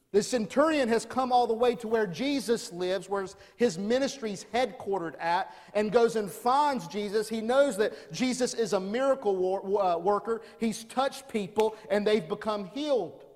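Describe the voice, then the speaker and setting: A man's voice: high voice, a little mellow, long reverb tail. A man preaching a sermon as pastor, building emphasis with rhetorical questions. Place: church.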